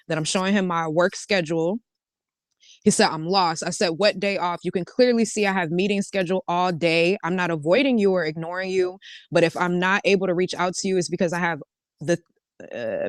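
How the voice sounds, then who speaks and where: A woman with a smooth, clear voice casually walks through a string of text messages, narrating each side with "he said, I said." The sound is close and dry, with no room around her. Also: lowish voice, no echo. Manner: relaxed, reads messages aloud with "he said, I said". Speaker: storyteller reading out text messages. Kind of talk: casual recounting.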